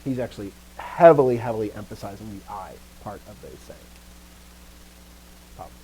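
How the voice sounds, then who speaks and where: Speaking fairly quickly and expressively with a breathy edge, a man leads a casual Greek lesson, fixing his own slips and pausing often to confirm the class is following. To show emphasis he hits stressed words harder and higher, though the audio quality is poor.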